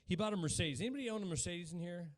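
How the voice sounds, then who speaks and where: Brief: forties stand-up comic, high-pitched, chatty and mock-incredulous, works the room on a handheld mic. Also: male voice, racing. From Utah. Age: 40s. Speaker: stand-up comedian. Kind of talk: live stand-up comedy. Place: small cafe stage with a live audience.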